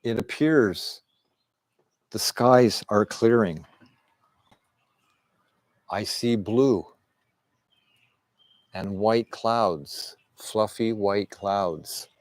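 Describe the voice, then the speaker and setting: A man's voice: fairly low pitch, drawn-out words, pauses often. A middle-aged man, talking at home into a desk microphone in a rambling, repetitive stream monologue full of restarts. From Canada. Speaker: live streamer. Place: at home indoors.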